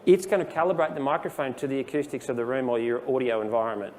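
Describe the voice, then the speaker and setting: A man giving a casual, explanatory software training presentation to a live audience in a room. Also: medium pitch, fairly even intonation, fast talker, long reverb tail, a little hiss or hum. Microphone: handheld dictation microphone.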